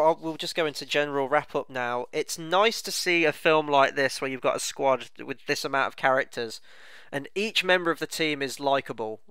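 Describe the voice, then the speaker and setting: A man co-hosting a casual film review chat, relaxed and rambling. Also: a little high, clear, resonant tone, no room sound. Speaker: film club co-host.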